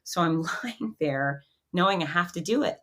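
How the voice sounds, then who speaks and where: Middle-aged woman, lower voice, podcast guest, animated storyteller. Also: normal speed, a little hiss or hum. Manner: animated storyteller who acts out quotes.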